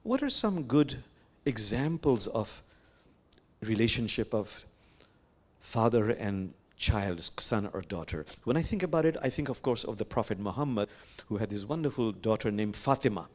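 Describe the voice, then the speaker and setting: An older man with a Bangladeshi accent, leading a reflective sermon as an imam and telling stories gently, with pauses and fillers. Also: fairly low pitch, expressive. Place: sanctuary.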